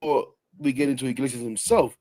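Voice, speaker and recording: A man hosting a live stream in excited casual chat, laughing often, swearing freely and shouting out friends. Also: mid-range voice, a little fast.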